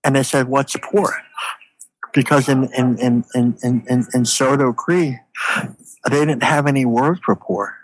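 Tearful man telling his story haltingly. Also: mid-range voice, rough recording. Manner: halting, repeats words often. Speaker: interviewee. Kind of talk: emotional personal storytelling.

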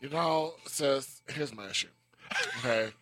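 A man co-hosting a podcast, making his point emphatically and sassily. He speaks at a mid pitch, with a dry, close sound. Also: unhurried, fairly bright tone, no echo, soft background music. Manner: emphatic, sassy address. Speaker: podcast co-host. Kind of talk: casual podcast banter.

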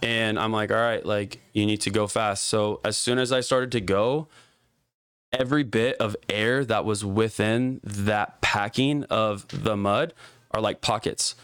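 Young man, lowish smooth voice, dry close mic; casual profane storyteller, filler-heavy. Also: unhurried, a bit bright, dry recording. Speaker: guest telling a story.

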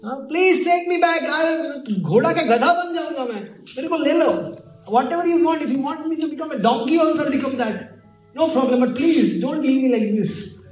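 A man's voice: very high-pitched, lively intonation, rapid-fire, pitched above the performer's own voice. A man voicing a small divine boy who is crying and pleading to be taken back into the game. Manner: pleading, tearful. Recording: echoey hall, voice off mic, faint music.

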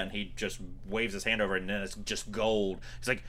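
A man's voice: lowish voice, steady tone, quick pace, hardly any pauses, sharp tone. A man in casual podcast chat, retelling movie scenes and correcting details. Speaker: podcast co-host. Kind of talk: casual film recap chat.

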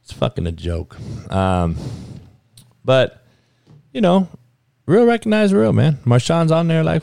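A man's voice: a little high, measured pace, vocal fry, long pauses, dry recording, clean studio sound. A man hosting a podcast, delivering a blunt, profane sports rant in casual talk. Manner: profane, blunt, animated rant with frequent cursing. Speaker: podcast host.

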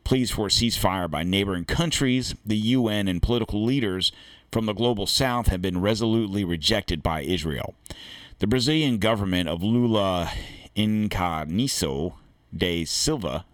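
A man's voice: on the low side, no echo. An American man hosting a political podcast, reading an article aloud and then breaking into blunt, profane asides. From United States. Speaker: podcast host. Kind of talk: opinionated commentary reading an article.

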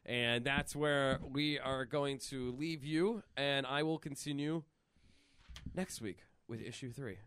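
A man hosting a comic book podcast, animated and playful as he retells a story with sound effects. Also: medium pitch, slow, clean tone, dry recording, studio quality. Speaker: podcast host.

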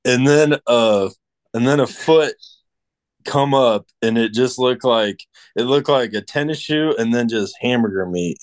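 Man, casual chat, rambling, lots of restarts, average pitch. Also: a little slow. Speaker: hunting buddy.

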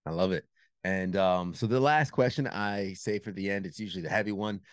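Male podcast host, deep voice, supportive and affirming, dry recording. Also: fairly quick, clear, resonant tone, no echo. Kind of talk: interview hosting.

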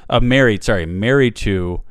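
Smooth-voiced man chatting about a film. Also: on the low side, moderate pace, no room sound, studio quality. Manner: rambling, many fillers and restarts. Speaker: podcast host reviewing a film. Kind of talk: casual chat.

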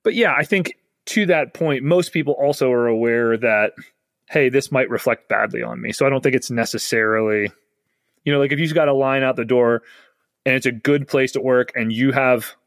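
A man's voice: mid-range voice, normal speed, a bit bright, no echo, studio quality. A man hosting a podcast, talking casually with many fillers. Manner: rambling, filler-heavy interviewing. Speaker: podcast host.

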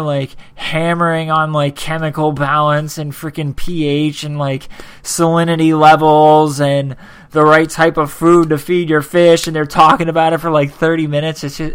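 A man's voice: a little high, bright, forceful tone. Rambling, sarcastic man hosting a podcast. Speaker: podcast host. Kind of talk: casual podcast monologue, reading articles aloud.

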